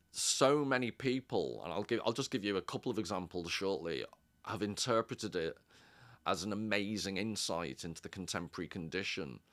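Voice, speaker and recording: A man's voice: sits low, a bit bright, no room sound. A man giving a casual commentary as a video essayist, digressive and wry, often interrupting himself.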